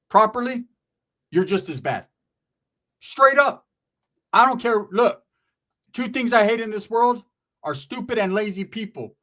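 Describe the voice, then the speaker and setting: A middle-aged man with a fairly high-pitched voice tells a story in a loose, conversational way. His speech is thick with street slang and swearing. He hammers his points with emphatic asides. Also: fairly bright tone. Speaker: channel host. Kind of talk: casual storytelling commentary.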